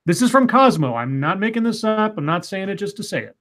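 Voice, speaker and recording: A man co-hosting a casual news livestream, animated and stumbling over his words. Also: sits high, brisk. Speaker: co-host.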